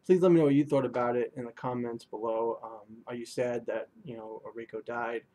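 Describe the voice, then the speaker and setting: A man's voice: medium pitch, steady tone, fairly quick, mellow. A young man reviewing an anime episode in a casual, rambling way, full of fillers and restarts.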